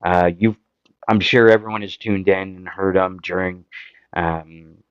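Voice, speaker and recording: A Canadian man hosts a casual political talk show, frustrated and impassioned, firing off rhetorical questions. He speaks slowly at a medium pitch. The recording is dry and a little dull. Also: fairly even intonation, clear, resonant tone, no room sound. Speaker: podcast host.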